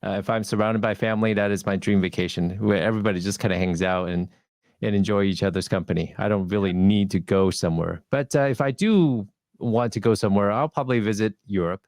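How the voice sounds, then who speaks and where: A man chatting calmly as a panelist on a podcast, speaking in an earnest, relaxed way. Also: lowish voice, fast, no echo, studio quality. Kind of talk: casual panel chat.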